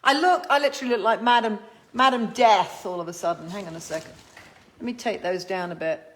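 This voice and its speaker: A woman's voice: medium pitch, fairly quick. A woman hosting a casual livestream chat, theatrical and chatty, swearing freely. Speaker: livestream host. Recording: roomy echo.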